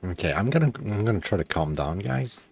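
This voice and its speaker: Over soft background music, a weary man streams his gameplay in casual commentary, chatting with viewers and muttering to himself between sweary outbursts of frustration. His lowish voice is expressive, creaky, and slightly rough, and he talks a little fast.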